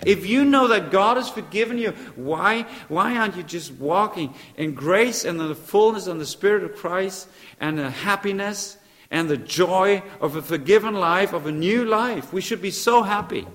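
A man's voice: sits high, lively intonation, normal speed, a bit bright, long reverb tail. A man preaching a sermon, emphatic and repeating short phrases, now and then searching for the right English word.

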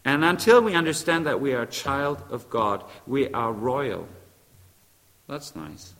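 A man's voice: medium pitch, lively intonation, unhurried, fairly bright tone, long reverb tail. A man preaching a sermon, emphatic and repeating short phrases, now and then searching for the right English word.

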